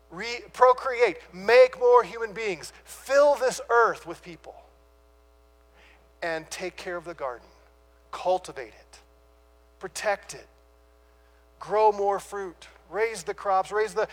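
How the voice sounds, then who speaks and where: High-voiced man preaching a sermon. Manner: asks the listeners rhetorical questions; dramatic pauses on key words, then rushes on.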